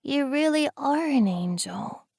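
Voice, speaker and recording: A woman's voice: high voice, expressive, a little slow, creaky, darkish tone, no room sound, studio quality, pitched above the performer's own voice, heavily acted. Woman doing a weak scratchy little girl. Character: weak, trusting young girl.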